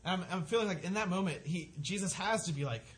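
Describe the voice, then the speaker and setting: A man's voice: high voice, quick pace. A man preaching a sermon, earnest and conversational, often restarting his sentences as he works through a scripture passage. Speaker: pastor.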